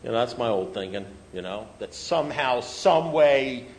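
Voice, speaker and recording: A man's voice: lowish voice, fairly quick, low-quality recording. Emphatic middle-aged man, blunt talk. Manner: animated, emphatic, repetitive, blunt. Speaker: speaker at a recovery meeting. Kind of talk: personal recovery talk.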